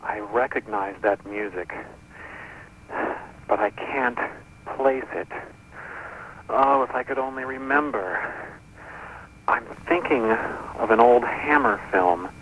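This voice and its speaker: A man's voice: fairly low pitch, takes it slowly, pauses often, a bit bright, a little hiss or hum, low-quality recording. A man giving wry, musing commentary between answering-machine messages. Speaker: tape compiler commenting. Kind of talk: casual commentary.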